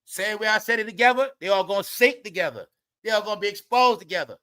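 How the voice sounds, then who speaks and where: A man's voice: sits high, quick pace, sharp tone, clean tone. A man hosting a heated celebrity gossip commentary, swearing and repeating himself as he lectures his viewers. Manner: heated, swearing, repetitive and preachy. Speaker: commentary channel host.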